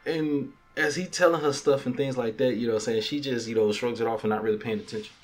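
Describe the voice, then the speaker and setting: A man's voice: mid-range voice, quick pace, hardly any pauses. A man hosting a podcast, casually recapping a TV episode in slangy, profane talk and acting out the characters' lines. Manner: animated storytelling with quoted character lines and laughs. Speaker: podcast host.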